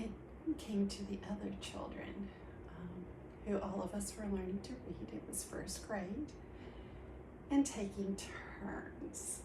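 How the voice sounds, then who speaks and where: A woman telling a personal story, soft-spoken and often sinking to a near whisper. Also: mid-range voice, background noise. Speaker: storyteller sharing personal memories. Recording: roomy, distant mic, faint background ambience.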